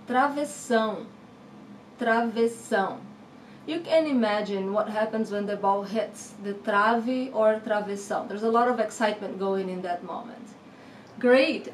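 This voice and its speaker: A woman with a Brazilian Portuguese accent teaching a vocabulary lesson, saying each word three times, slowly and carefully. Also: a little high. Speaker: language teacher. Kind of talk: vocabulary lesson with slow repetition. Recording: roomy, distant mic, faint background hum.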